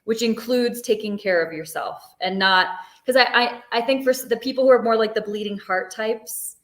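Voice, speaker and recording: A woman's voice: on the high side, moderate pace, fairly bright tone. Woman therapist in an echoey room. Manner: thoughtful, many "like" fillers. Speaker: therapist guest. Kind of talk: casual discussion.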